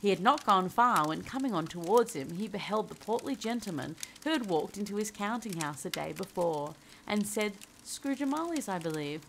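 Soft-spoken woman reading a bedtime story. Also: medium pitch, expressive, normal speed, gravelly, hardly any pauses, a little hiss or hum, rough recording. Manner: soft, gentle reading with voiced character lines.

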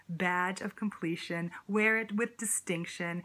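Woman spoken word performer with a mid-range voice, rhythmic and sassy, who slows right down on key lines. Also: mid-range voice, fairly even intonation, fairly bright tone. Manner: rhythmic, rhyming delivery with sassy direct address.

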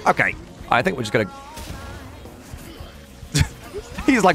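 A man's voice: fairly high pitch, sing-song, slow pace, long pauses, a bit bright, faint music behind. A young man streaming a video game, commentating casually, swearing and laughing as he talks to chat and teammates.

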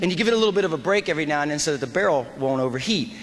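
Racing along with hardly any pauses, the army veteran turned motivational speaker tells stories in his high, animated voice. He performs dialogue and yells the quoted lines, his voice echoing in a hall with faint background noise.

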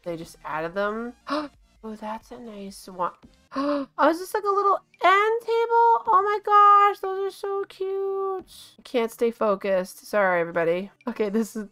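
A woman hosting a casual game video, gushing and excitable, often gasping and laughing as she talks. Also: a little high. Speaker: gaming channel host.

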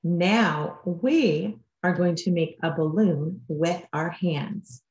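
A woman teacher giving a gentle distance-learning lesson to young children. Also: lowish voice, reverberant, lo-fi sound, slight background noise. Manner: gentle, slow, speaking to small children.

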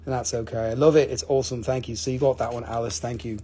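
A man's voice: mid-range voice, steady tone, fast, dark tone, husky. A man hosting a live stream to sell crystals, talking casually, swearing freely and counting down each sale.

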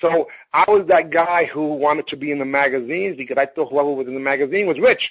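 A man from New York City hosting a casual interview, eager and quick to jump in, often repeating words as he gets going. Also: fairly high pitch, husky, dull audio. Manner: enthusiastic, repeats words as he starts his sentences. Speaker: host.

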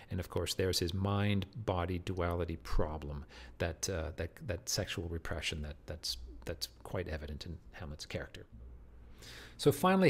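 A lower-voiced man lecturing on literature. He talks emphatically, often restarts mid-phrase and keeps checking in with "do you see?" His tone stays that of an explanatory teacher. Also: gravelly.

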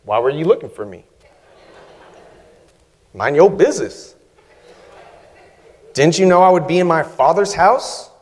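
A man's voice: extremely high pitch, very animated, normal speed, pauses often, pitched above the performer's own voice, full character voice. A male preacher voicing a snarky teenage boy who talks back to his mother in dismissive slang, in a reverberant church hall.

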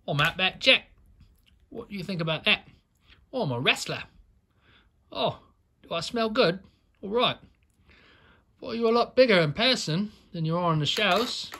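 A man's voice: sits high, bright, forceful tone, a little hiss or hum, full character voice. A man voicing a cheery male Australian wrestler toy during toy play, with a put-on Australian accent and a jolly, chatty manner.

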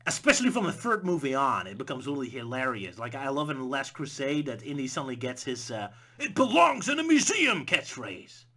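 A man's voice: mid-range voice, expressive, a little fast, hardly any pauses, pushed and bright. Sarcastic man ranting. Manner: sarcastic, mocks with silly put-on voices. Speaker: video essayist. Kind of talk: comedic movie rant.

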